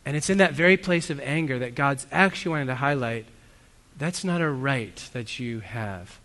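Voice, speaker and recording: A man's voice: medium pitch, lively intonation, moderate pace, pushed and bright. A man preaching a sermon as a pastor, earnest and conversational, with self-deprecating asides. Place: church hall. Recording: long reverb of a church hall.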